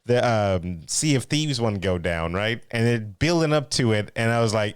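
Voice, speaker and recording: A young adult man co-hosting a casual live-streamed chat, talking in an animated, excitable way. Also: mid-range voice, normal speed, clean tone, dry recording, clean studio sound. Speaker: podcast co-host.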